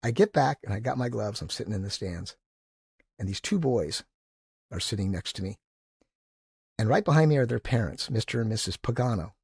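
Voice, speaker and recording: A man in his sixties, a podcast guest who tells animated, enthusiastic stories and acts out the quotes. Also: on the low side, a little fast, vocal fry, long pauses, slightly rough, no room sound, studio quality. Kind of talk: casual storytelling interview.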